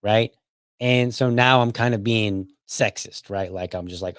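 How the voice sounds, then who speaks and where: A man's voice: on the low side, measured pace, fairly bright tone, clean tone, no room sound, clean studio sound. A man hosting a podcast, commenting casually in a rambling, self-correcting way. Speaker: podcast host.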